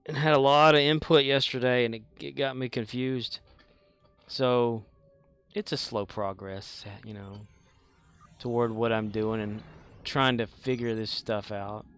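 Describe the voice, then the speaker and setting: A man's voice: medium pitch, steady tone, a little slow, a bit bright, clean tone. A man casually chatting while he streams a space game, laughing often and answering his chat.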